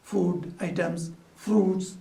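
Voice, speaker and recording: A man's voice: sits high, drawn-out words, gravelly, warm tone. A man giving a devotional talk as a swami, telling a story and asking rhetorical questions. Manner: storytelling with rhetorical questions, non-native phrasing. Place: hall at a Vedanta society. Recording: echoey room, mic at a distance.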